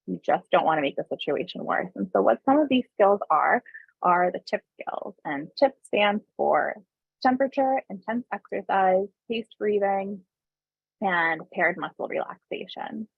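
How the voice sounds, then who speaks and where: Gravelly woman on a tinny webinar line. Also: mid-range voice, measured pace, dry recording. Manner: conversational, often adds tag questions; calm explaining tone, briefly voices parents and kids. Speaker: parenting webinar presenter. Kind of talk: informal online presentation. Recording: tinny phone-like dry webinar audio.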